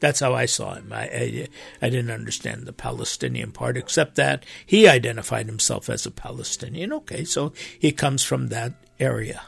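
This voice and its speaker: A man's voice: medium pitch, moderate pace, faint music behind. A man who preaches, talking earnestly in a conversational way, with emphatic rises. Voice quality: gravelly, husky. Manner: earnest, emphatic, with animated rises and quoted voices. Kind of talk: impassioned conversational talk.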